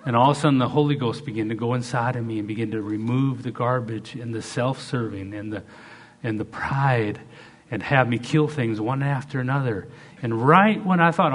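A middle-aged male pastor delivering a lively sermon. He shifts from soft, almost hushed asides to loud, high bursts when he acts out what people say. His voice sits at an ordinary pitch for a man. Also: moderate pace. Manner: dynamic, swings between loud acted-out quotes and soft asides.

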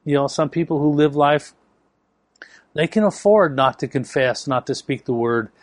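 Male preacher, sermon, emphatic storytelling, slightly high voice, dry sound. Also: expressive, moderate pace, dry recording. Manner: storytelling with acted quotes, emphatic.

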